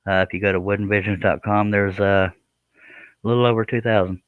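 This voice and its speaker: A man's voice: fairly low pitch, fairly even intonation, normal speed, no echo, narrow, tinny audio. A man hosting a live stream, chatting casually in a joking, rambling, self-deprecating way. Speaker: live stream host, scroll saw artist.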